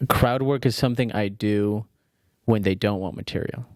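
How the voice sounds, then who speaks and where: A man's voice: fairly low pitch, moderate pace, a little mellow, dry recording, clean studio sound. A man, a stand-up comedian, reflecting casually on crowd work on a podcast, restarting words often. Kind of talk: casual chat.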